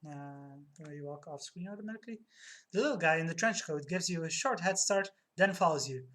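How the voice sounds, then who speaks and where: A woman streaming a video game, reading its text aloud with soft muttered asides. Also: low-pitched, fairly quick.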